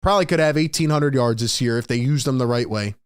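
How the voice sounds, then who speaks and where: A sports podcast host runs a live postgame fan show, ranting in frustration and reading viewers' chat comments aloud. His mid-range voice is quick, clear and resonant, captured in a clean studio without room sound.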